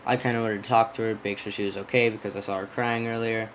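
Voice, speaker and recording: A man's voice: fairly low pitch, little pitch movement, quick pace, fairly bright tone, slight background noise, low-quality recording. A young man casually telling a rambling personal story on his podcast, yawning and smacking his lips. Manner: rambling, self-interrupting, yawning and lip-smacking. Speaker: podcast host.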